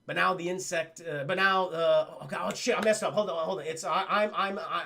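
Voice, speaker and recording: A young man casually recapping a film for his livestream chat, swearing freely and acting out the scenes in quick voices. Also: high voice, steady tone, creaky, sharp tone. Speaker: streamer reviewing a film.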